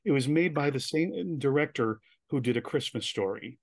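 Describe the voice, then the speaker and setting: Animated male storyteller, dry close sound. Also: mid-range voice, normal speed, dry recording. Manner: animated storyteller who acts out quoted voices. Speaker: interview guest. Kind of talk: casual storytelling interview.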